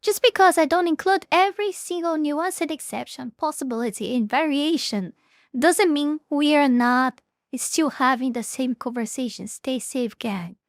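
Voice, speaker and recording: High-voiced woman reacting, halting and dry. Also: no room sound. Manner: halting, restarts often, laughs at herself. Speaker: reaction streamer. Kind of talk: casual reaction commentary.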